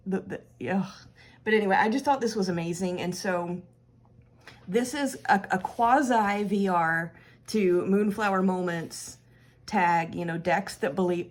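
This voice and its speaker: A woman hosting her own tarot channel, chatting casually and laughing as she talks through a card reading. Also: mid-range voice.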